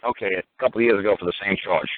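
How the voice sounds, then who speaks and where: A man's voice: lowish voice, racing, no room sound. Blunt, profane male talk show host. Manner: blunt, profane and sarcastic, rising to ranting. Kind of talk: call-in radio show. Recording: tinny phone-line sound with faint noise.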